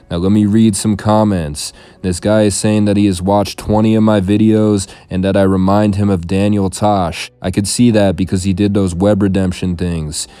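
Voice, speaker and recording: A man hosting a commentary channel, reading viewer comments aloud and answering them in a dry, deadpan way. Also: lowish voice, clean tone, no echo. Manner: deadpan, dry monotone delivery. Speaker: YouTube commentary host.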